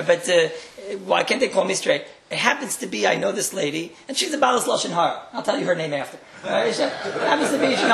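Male rabbi, religious talk; gravelly, wry storyteller who repeats for effect; room echo. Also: high voice, a bit bright. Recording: roomy echo.

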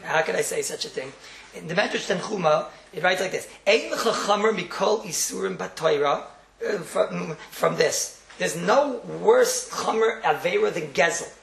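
A man's voice: sits high, lively intonation, normal speed, gravelly, a bit bright. A man teaching a Torah class, emphatic, repeating key phrases and chuckling as he explains. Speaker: rabbi teaching a morning class. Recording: roomy echo.

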